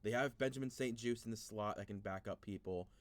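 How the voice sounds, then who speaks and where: A man's voice: fairly low pitch, brisk. A man hosting a casual sports video, thinking aloud through a mock draft, rambling and easily frustrated, with many restarts.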